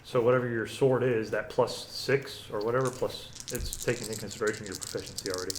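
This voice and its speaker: A man running a tabletop game as game master, counting dice out loud and often correcting himself mid-sentence. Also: lowish voice, steady tone, fast, slight background noise.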